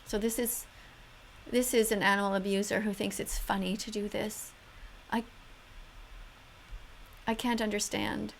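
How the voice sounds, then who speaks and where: A woman's voice: mid-range voice, fairly even intonation, unhurried, vocal fry, long pauses, slight background noise. A woman commenting on videos in an earnest, emotional way, close to tears. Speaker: vegan activist vlogger.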